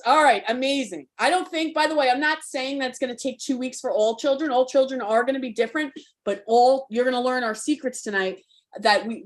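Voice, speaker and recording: A spirited woman coach talks straight to her audience in a live online session. Her voice sits a little high, and she is blunt and cheerfully profane, keeping it loose and conversational. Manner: frank, spirited, curses freely; conversational, rallying.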